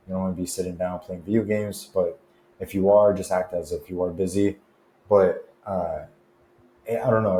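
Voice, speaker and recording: In this casual advice vlog, a young man talks about fitness and confidence, chatty and full of slang with an easygoing feel. His voice is low and warm, and the recording has a roomy echo plus a little noise.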